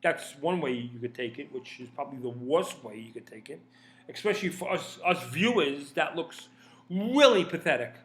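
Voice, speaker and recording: A man's voice: on the high side, lively intonation, normal speed, a bit bright. A man giving a casual opinion rant, rambling and profane, often stammering and repeating words. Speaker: commentator.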